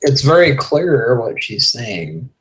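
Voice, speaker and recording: A man's voice: medium pitch, expressive, slow, a bit bright, poor audio. A man co-hosting a live show, making dry jokes in casual chat. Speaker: co-host.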